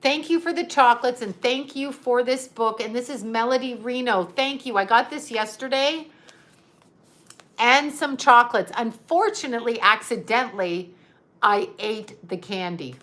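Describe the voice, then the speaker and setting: Bright-voiced chatty woman, rambling. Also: a little high, moderate pace. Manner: rambling, chatty, laughs often, reads viewer comments aloud. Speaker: psychic medium. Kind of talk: casual livestream chat.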